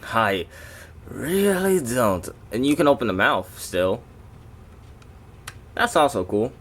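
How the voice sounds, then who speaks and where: A man's voice: lowish voice, expressive, unhurried, a bit bright. A man doing a casual toy review, rambling and breaking off into jokey asides to his viewers.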